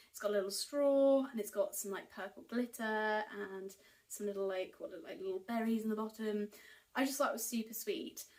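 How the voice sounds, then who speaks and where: A woman's voice: medium pitch, a little mellow. A woman chatting casually to camera about her knitting purchases, enthusiastic and full of ums and likes. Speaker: knitting vlogger. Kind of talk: casual haul chat to camera. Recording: voice picked up from a distance.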